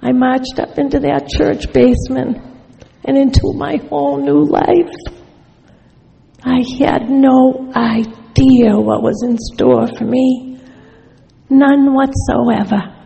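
A woman's voice: high voice, fairly even intonation, takes it slowly, gravelly, dark tone, big-room sound, rough recording. A woman sharing her recovery story in a wry, storytelling way, acting out remembered conversations. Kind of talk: personal testimony talk.

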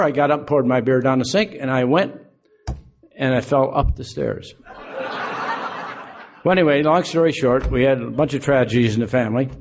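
A man's voice: medium pitch, normal speed, long pauses, darkish tone, a little hiss or hum. Older man telling a self-mocking story. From Illinois. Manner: folksy, self-mocking, acts out both sides of dialogues. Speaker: recovery meeting speaker. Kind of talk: storytelling talk to a group.

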